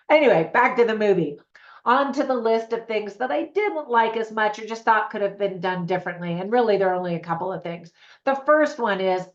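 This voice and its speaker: An American woman chatting casually as a movie reviewer, upbeat and talking straight to her viewers. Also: mid-range voice. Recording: roomy echo, slightly dull sound.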